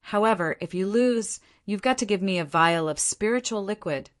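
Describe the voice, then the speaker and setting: A woman's voice: mid-range voice, moderate pace, natural voice. A woman voicing a cheeky, easygoing young male martial hero in an audiobook, with a teasing, casual manner.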